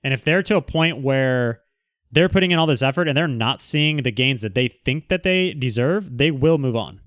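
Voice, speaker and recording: A man's voice: mid-range voice, expressive, moderate pace, fairly bright tone, dry recording, clean studio sound. A man hosting a livestream, reading viewer comments aloud and answering them in a frank, rambling way with many restarts. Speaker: livestream host.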